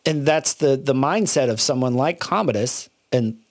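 A man's voice: medium pitch, lively intonation, normal speed, dry recording. Earnest reflective man, dry sound. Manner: earnest, reflective, many restarts. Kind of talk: casual faith-based film discussion.

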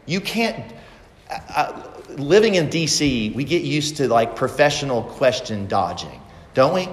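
Animated male preacher in an echoey hall. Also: mid-range voice, measured pace. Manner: animated preaching, rhetorical questions. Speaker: pastor. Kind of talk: sermon.

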